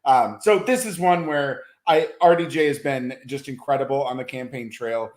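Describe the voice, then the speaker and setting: A man's voice: mid-range voice, normal speed. Hesitant male film critic, roomy sound. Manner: thoughtful, lots of ums and restarts. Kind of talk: casual awards-preview chat. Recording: roomy echo.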